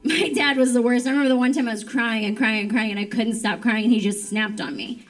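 A woman's voice: on the high side, fast, far from the mic. A woman comedian doing a stand-up set with punchy, sardonic delivery.

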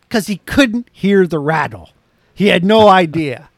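Man, podcast co-host, sarcastic joking, lively up-and-down delivery, somewhat high voice, dry close sound. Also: unhurried, creaky, no echo. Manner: mock-emphatic, sarcastic joking. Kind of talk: casual movie review chat.

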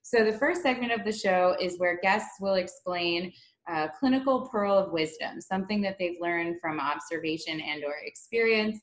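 A woman's voice: lowish voice, moderate pace. Chatty woman host in a roomy room. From Buffalo, New York. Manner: chatty, self-deprecating. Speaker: podcast host. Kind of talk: casual interview chat. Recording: roomy echo.

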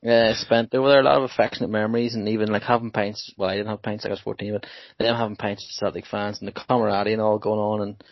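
A young man telling football stories in a casual podcast chat, animated and laughing often. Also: fairly low pitch, quick pace, no echo. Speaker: podcast co-host. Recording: dull dry podcast mic.

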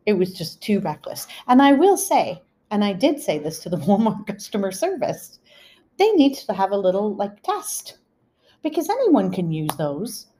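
A woman's voice: medium pitch, sing-song, normal speed, mellow, breathy edge. A middle-aged woman hosting a podcast, telling family stories in a chatty, casual way with laughing asides. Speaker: podcast host. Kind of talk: casual storytelling.

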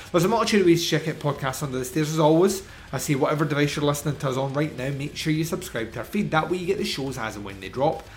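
A man, hosting a podcast, running through disc features and show plugs in a casual, chatty way. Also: medium pitch. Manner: chatty, reads plugs and specs in a quick run. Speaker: podcast host. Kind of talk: podcast outro and announcements.

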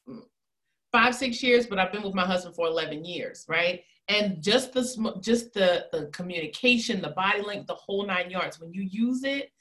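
Bright, animated woman coaching. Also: mid-range voice. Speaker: communication coach for women. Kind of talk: casual interview talk.

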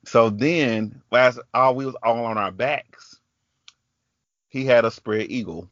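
Speaking slowly in a mid-range, fairly bright voice, this podcast host spins a story in relaxed talk with a Southern US country accent. He chats easily and acts out quoted voices. The audio sounds dull, though there's no echo.

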